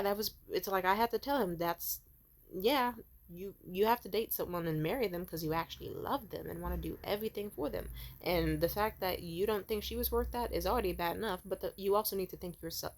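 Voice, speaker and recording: A young woman hosting a commentary rant, profane and heated, acting out quoted people in raised voices. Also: fairly low pitch. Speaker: commentary host. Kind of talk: ranting commentary.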